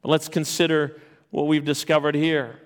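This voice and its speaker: A man's voice: on the high side, level tone, moderate pace. Man preaching a storytelling sermon. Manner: storytelling with emphatic repetition and restarts. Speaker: pastor.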